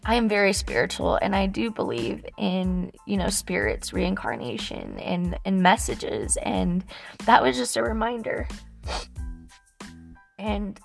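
Woman in her thirties, podcast host; slow, gravelly, rambling casual storyteller who laughs a lot. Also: mid-range voice, big pitch swings, soft background music. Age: 30s. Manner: chatty, rambling, laughs often.

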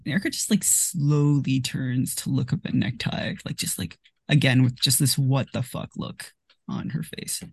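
A tabletop player with a gravelly, fry-laced voice talks in and out of character, rambling and stacking up fillers. The sound is close and dry. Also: medium pitch, fairly even intonation, normal speed, dry recording. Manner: rambling, full of "like". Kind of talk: playing a tabletop game in character.

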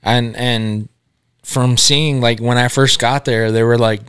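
A man's voice: medium pitch, steady tone, unhurried, fairly bright tone, clear, resonant tone, no room sound, clean studio sound. A man co-hosting a podcast, telling a story in laid-back, profane casual chat. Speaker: podcast co-host.

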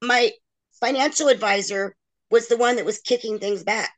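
A woman's voice: fairly high pitch, moderate pace. Middle-aged woman guest, candid and emotional, acts out others' words as she tells her story. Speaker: interview guest.

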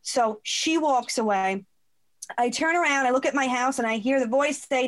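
A woman telling a personal story as a guest in a conversation, expressive and quick to laugh, acting out the voices she quotes. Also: high-pitched.

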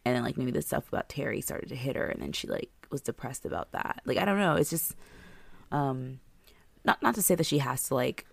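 A woman's voice: rumbling low, expressive, fairly quick, gravelly, husky, no room sound. A woman co-hosting a podcast in casual chat, recapping a TV show, chatty with lots of fillers. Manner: chatty, filler-heavy, laughs at herself. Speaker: podcast co-host.

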